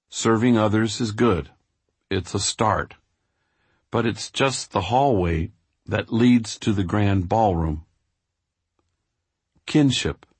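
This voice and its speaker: A man reading his own memoir aloud in a measured, reflective, preacherly cadence. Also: on the low side, a little mellow, slightly rough, dry recording.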